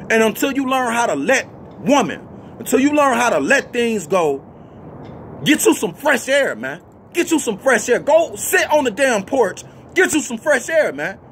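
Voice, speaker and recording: A man's voice: very high-pitched, a bit bright, slight background noise. A man preaching a fiery, blunt freestyle street sermon to camera, cussing freely and tagging lines with "you see what I'm saying" and "man.".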